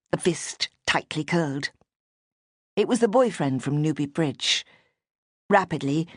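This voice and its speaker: A woman narrates a mystery novel in a measured, steady manner, her voice sitting low and deep. The recording is close-miked and completely dry, with no room around her. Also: dry recording. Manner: measured, even storytelling. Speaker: audiobook narrator. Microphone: close studio microphone.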